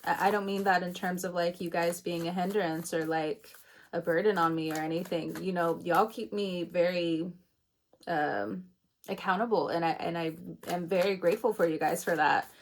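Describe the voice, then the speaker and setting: A woman's voice: fairly low pitch, steady tone, normal speed, a little hiss or hum. A young adult woman giving a casual, meandering tarot reading, chatty and laughing at herself. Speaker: tarot reader.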